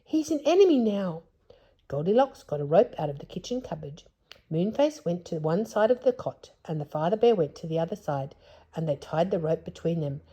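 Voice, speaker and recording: A woman reading a children's story aloud in a gentle storyteller's voice. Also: sits low, lively intonation, a little fast, slightly rough. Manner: gentle, hushed at tense moments.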